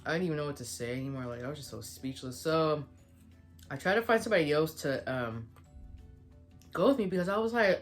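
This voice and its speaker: A woman's voice: low voice, expressive, fairly quick, faint music behind. A young woman vlogger retelling a story in a casual storytime, quoting the back-and-forth of a conversation.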